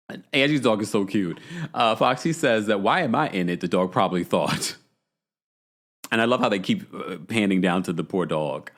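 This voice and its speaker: Lively man hosting a live TV recap. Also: mid-range voice. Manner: animated, reads chat comments aloud, laughs often. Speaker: podcast host. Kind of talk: live reality TV recap with chat.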